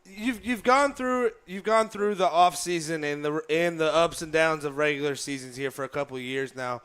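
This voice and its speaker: A man co-hosting a sports podcast, excited and joking with his guest. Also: a little high, moderate pace, clean tone. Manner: excited, laughing, jokey. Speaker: podcast co-host. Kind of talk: casual podcast chat.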